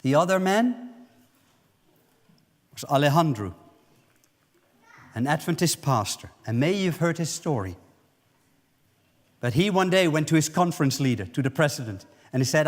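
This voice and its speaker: A man's voice: a little high, animated, normal speed, pauses often. A male pastor preaching a sermon, telling a story vividly and acting out the lines of its characters. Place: church sanctuary. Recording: reverberant church hall.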